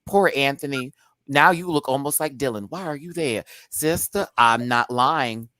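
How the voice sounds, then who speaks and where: A man co-hosting a live TV review, talking casually and theatrically, jumping from low murmurs to shrieked punchlines. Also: moderate pace, fairly bright tone, no echo, studio quality. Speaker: co-host of a live review show.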